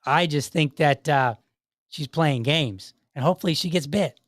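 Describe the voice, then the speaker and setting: A man's voice: fairly high pitch, moderate pace, no echo, clean studio sound. A man hosting a podcast, commenting sarcastically on clips and acting out imagined back-and-forth dialogue. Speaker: podcast host.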